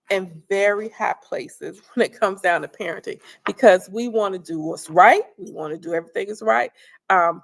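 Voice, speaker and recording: Female presenter, middle-aged, calm and conversational, slightly gravelly tone. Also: mid-range voice. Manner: calm, conversational, repeats phrases. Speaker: parenting workshop presenter. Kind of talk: instructional talk.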